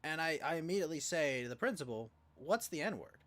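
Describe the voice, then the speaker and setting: A man casually telling a profane, rambling story on a livestream, with lively acted quotes and many fillers. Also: on the high side, fairly quick. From California. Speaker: podcast co-host.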